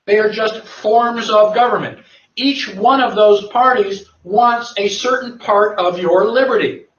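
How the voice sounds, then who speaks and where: A man lectures emphatically, answering his own rhetorical questions in a fairly high voice. The recording sounds dull and lo-fi, picked up from a distance in a reverberant room. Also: a little slow, a bit bright. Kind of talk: lecture to a live audience.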